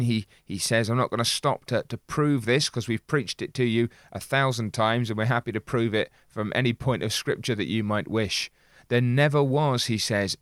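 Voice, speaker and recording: An earnest man talking through an old sermon in a measured way, pausing to read passages aloud with emphasis. His voice sits at an ordinary middle pitch. The sound is close and dry, with no room around it. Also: a bit bright, dry recording. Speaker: preacher commenting on a sermon. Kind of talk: reflective sermon commentary.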